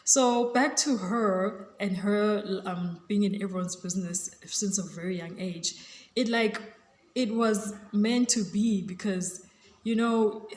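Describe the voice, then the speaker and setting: A chatty woman talks straight to camera in a gushing, rambling way. Her voice sits at an ordinary middle pitch. The room around her is echoey. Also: slow pace, darkish tone. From South Africa. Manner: gushing, chatty, fills with "like" and "you know". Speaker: vlogger. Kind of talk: casual chat to camera.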